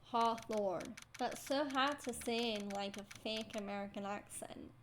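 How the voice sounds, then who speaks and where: A woman's voice: mid-range voice, moderate pace, fairly bright tone, a little hiss or hum, low-quality recording. A woman streaming a video game, making chatty, offhand remarks. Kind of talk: casual game commentary. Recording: game music behind.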